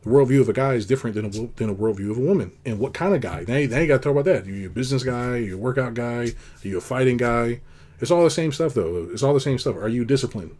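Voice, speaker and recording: A man hosting a casual monologue, rambling and blunt, acting out quoted lines in a high put-on voice. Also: animated, rapid-fire, a little mellow. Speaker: host.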